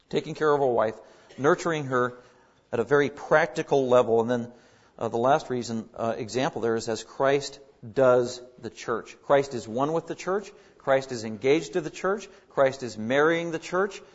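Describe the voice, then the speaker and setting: Earnest man preaching, lo-fi recording. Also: on the high side. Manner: earnest, emphatic preaching with rising stress on key words. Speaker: pastor. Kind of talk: sermon.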